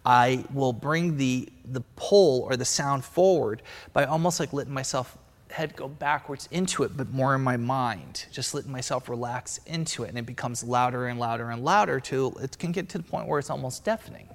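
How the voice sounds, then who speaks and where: A man with a medium-pitched voice talks at a moderate pace about spiritual ideas, casually and meanderingly, thinking aloud as he explains. The room is echoey with a long reverb.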